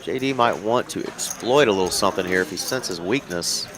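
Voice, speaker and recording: Low-voiced guy doing poker play-by-play, relaxed, noisy card room. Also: fairly quick. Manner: easygoing, informative. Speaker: poker commentator. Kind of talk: live poker commentary. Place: card room broadcast booth. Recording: casino crowd noise behind.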